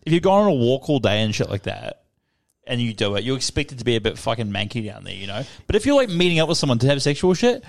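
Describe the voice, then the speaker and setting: A man co-hosts a crude podcast, with a lively pitch that jumps up and down. His voice is dry and close to the mic, and he chimes in bluntly with swearing. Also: fast, gravelly, no room sound. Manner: blunt, reacts with swearing and laughter. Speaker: podcast co-host. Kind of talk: casual crude chat.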